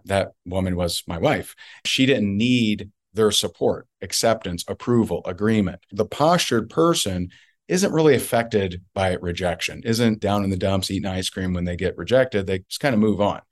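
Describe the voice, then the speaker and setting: A man's voice: fairly low pitch, normal speed. A man being interviewed as a guest, telling a story emphatically and repeating points for effect. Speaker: guest, network marketer.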